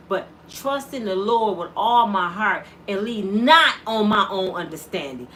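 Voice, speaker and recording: Bright lively preachy woman. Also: medium pitch, unhurried, hardly any pauses, slight background noise. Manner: preachy, rhetorical questions, casual dialect. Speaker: mother of an inmate, vlogger. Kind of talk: impassioned vlog monologue.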